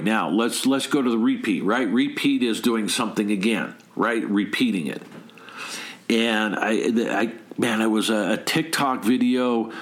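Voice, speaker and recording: A middle-aged man giving a motivational talk, emphatic, firing rhetorical questions and often repeating or restarting words. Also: lowish voice. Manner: frequent word repeats and restarts. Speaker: motivational speaker.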